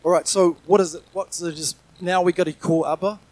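Earnest man preaching, slightly high voice. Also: fairly even intonation, a little fast, a little mellow, no room sound, poor audio. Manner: conversational, earnest, with frequent restarts and asides. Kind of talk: sermon.

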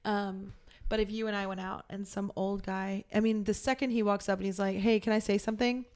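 A woman's voice: medium pitch, fairly even intonation, fairly quick, darkish tone. Blunt, foul-mouthed young woman chatting. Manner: blunt, swears freely, acts out quotes. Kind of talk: casual chat.

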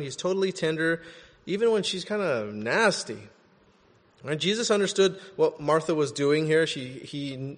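A man preaching a sermon in an animated, conversational way, often checking in with "right?". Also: a little high, long reverb tail. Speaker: pastor.

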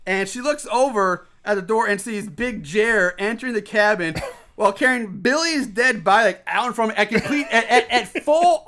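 A man with a high, bright voice recaps a film in a loose, rambling way. He swears freely, laughs often and slips into quick impressions of the characters. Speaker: podcast co-host recapping a film. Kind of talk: casual movie recap chat.

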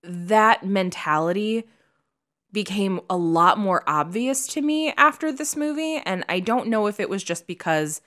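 A woman's voice: mid-range voice, animated, measured pace, fairly bright tone. A young woman co-hosting a podcast, talking in an emphatic, opinionated, chatty way. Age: young adult. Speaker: podcast co-host. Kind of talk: casual chat.

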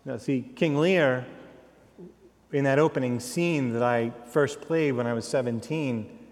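A guest preacher with a medium-pitched, slightly mellow voice delivers a sermon at a measured pace. He tells it like a dramatic storyteller, acting out the lines of the people he describes. The recording carries a long hall reverb.

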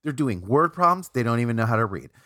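A man on a casual podcast speaking incredulously with profanity, often dropping to a low mutter for emphasis. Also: sing-song, fast, bright, forceful tone, no echo, clean studio sound. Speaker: podcast co-host. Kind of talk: casual chat.

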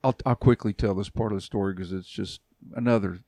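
A man around sixty, a youth pastor, tells a long story in a relaxed podcast chat, acting out quoted voices and laughing often. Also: lowish voice, fast talker, no room sound, clean studio sound. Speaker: youth pastor and church elder.

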